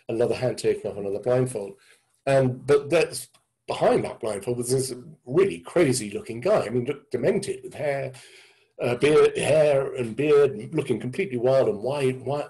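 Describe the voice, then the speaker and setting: An English man in his sixties telling his story thoughtfully over a video call, halting with many restarts. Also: mid-range voice, mellow, low-quality recording. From England. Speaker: guest speaker. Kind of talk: reflective storytelling talk. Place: indoor room with a door behind.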